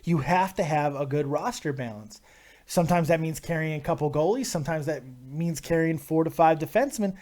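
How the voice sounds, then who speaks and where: A man hosting a casual live talk show, talking excitably about fantasy hockey and fights and swearing freely. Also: a little high, a little fast. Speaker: host.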